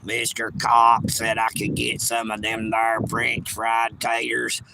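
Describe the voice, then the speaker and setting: Brief: a man doing a slow, gravelly, very deep rustic fellow over road noise. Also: monotone. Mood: simple-minded. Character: slow, deep-voiced rustic man who loves simple food.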